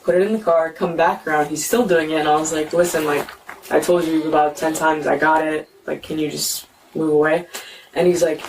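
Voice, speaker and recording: A young woman telling a police officer what happened, talking fast and filling her story with "like" and acted-out quotes, recorded on a bodycam. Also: low-pitched. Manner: fast, repeats "like", acts out quotes. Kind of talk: retelling events to an officer. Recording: noisy bodycam audio from a distance.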